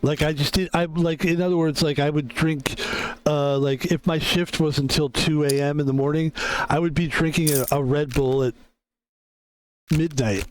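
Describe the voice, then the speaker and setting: A man's voice: fairly high pitch, poor audio. A man streaming a game and chatting casually, rambling and profane with lots of filler words. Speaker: streamer and security guard.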